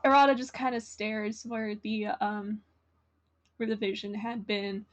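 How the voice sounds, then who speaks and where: A woman's voice: medium pitch, level tone, measured pace. A woman playing a tabletop game, talking casually and hesitantly, with laughter. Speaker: player.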